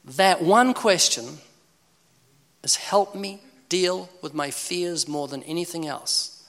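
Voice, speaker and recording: A man's voice: fairly high pitch, slow. A man, giving a humorous preaching talk on evangelism and acting out conversations. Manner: animated, humorous, acts out conversations. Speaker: evangelist speaker. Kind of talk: preaching talk with acted dialogues. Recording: echoey hall reverb.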